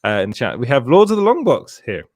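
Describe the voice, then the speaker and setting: A man's voice: medium pitch, huge pitch swings, fast talker, no echo. A man co-hosting a casual live stream, reading out chat comments and laughing often between restarts. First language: French. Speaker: podcast co-host.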